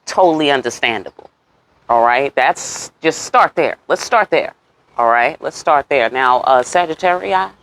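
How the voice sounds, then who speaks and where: A woman giving a casual tarot reading. She talks straight to the viewer with a lot of attitude and cursing, and jumps up in pitch on her rhetorical questions. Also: expressive, measured pace, a bit bright, slight background noise. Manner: sassy, talks straight to viewers, curses freely. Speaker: tarot reader.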